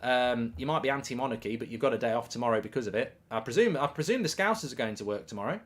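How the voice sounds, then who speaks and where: A middle-aged man hosting a live football watchalong, chatting casually and reading out viewer comments, with loud bursts of excitement. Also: mid-range voice, fast talker.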